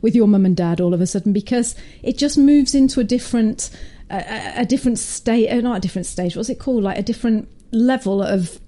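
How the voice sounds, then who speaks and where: This podcast co-host speaks in a slightly high, dark-toned voice, talking fast with hardly any pauses. She's a chatty storyteller who laughs frequently during the casual conversation.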